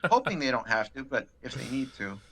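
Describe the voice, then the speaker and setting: A man telling a workplace story in a casual interview, animated and swearing, acting out the people he quotes. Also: medium pitch, fairly quick. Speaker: podcast guest.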